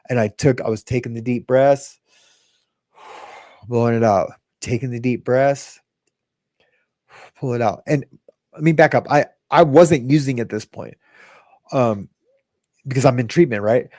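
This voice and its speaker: A man's voice: mid-range voice, moderate pace, pauses often, darkish tone, no echo, studio quality. A man hosting a podcast, telling his own recovery story in a casual, rambling way, with many restarts and quoted lines.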